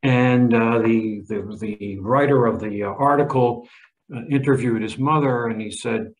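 Gravelly older man giving a lecture. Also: medium pitch, unhurried, rough recording. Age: 70s. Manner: emphatic, pointing to slides, frequent restarts. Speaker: history professor. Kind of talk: illustrated history lecture.

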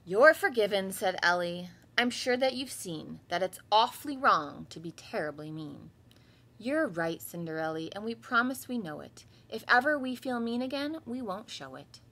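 A woman in her thirties teaches kindergarten from home, reading a picture book to children and then running through letter sounds. Her voice is bright and fairly high, swooping animatedly through the story. There is a slight breathy edge to it. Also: normal speed. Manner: lively storytelling with voiced characters. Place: home, livestreamed class.

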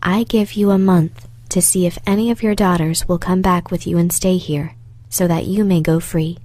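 Stern storybook beast, male, grim and quietly threatening, mellow dark tone, read by a woman. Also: fairly low pitch, steady tone, normal speed, dry recording, lightly acted.

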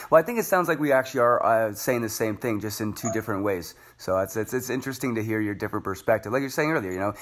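A man, a former gymnast, hosting an interview and telling stories in an animated, conversational way. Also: medium pitch. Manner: animated, anecdotal storytelling. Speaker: podcast host, former gymnast.

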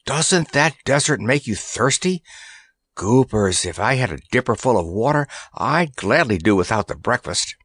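A man voicing an excitable, eager young boy king in a storybook, exclaiming often. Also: medium pitch, normal speed, husky, no room sound, clean studio sound. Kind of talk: audiobook character voice.

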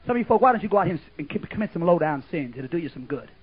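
A man preaching a sermon, swinging from loud fervor to hushed asides and chuckles. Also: a little high, very animated, very fast, husky. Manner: fervent preaching, swings from shouts to hushed asides, laughs often. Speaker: pastor. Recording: muffled old tape recording.

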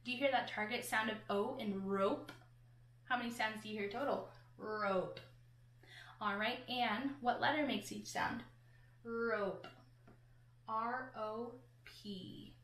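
A woman's voice: on the high side, moderate pace, a bit bright. A woman teacher giving a patient phonics lesson to children, sounding out words and letters one at a time. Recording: echoey room.

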